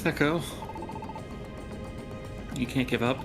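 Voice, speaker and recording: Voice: mid-range voice, slow pace, music in the background. A let's play co-host reading game dialogue with playful, wry asides.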